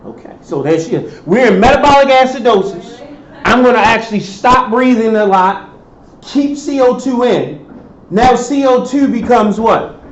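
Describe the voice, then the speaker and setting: High-voiced man lecturing in an echoey hall. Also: lively intonation, normal speed. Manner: quizzing, answers his own questions. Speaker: professor. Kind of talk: classroom lecture with questions to students. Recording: echoey lecture hall, dull sound, faint hiss.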